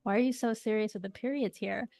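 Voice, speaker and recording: A woman's voice: medium pitch, fairly even intonation, quick pace, vocal fry, a little mellow, no room sound, clean studio sound. A woman hosting a live stream, upbeat and encouraging, keeping time and asking the guest questions. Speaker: livestream host.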